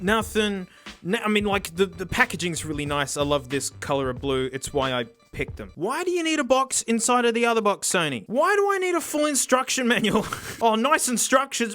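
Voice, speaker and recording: An excitable Australian man hosts a comedic headphone review and roasts each product with sarcasm and frequent laughter. His voice is high and bright, with a forceful edge. Faint music plays underneath. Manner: excitable and sarcastic, laughing, with big pitch swings. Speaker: host reviewing cheap headphones.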